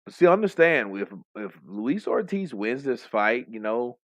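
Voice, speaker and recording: Excitable, profane boxing stream host. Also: male voice, medium pitch, unhurried, dry recording. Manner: excitable, profane, joking banter. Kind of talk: live stream fight commentary.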